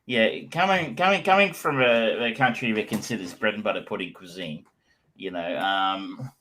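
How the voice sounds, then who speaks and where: A man's voice: on the low side, moderate pace, sharp tone, slight background noise. An Australian man co-hosting a podcast, chatting casually and telling jokey stories with lots of fillers. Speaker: podcast co-host. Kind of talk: casual chat.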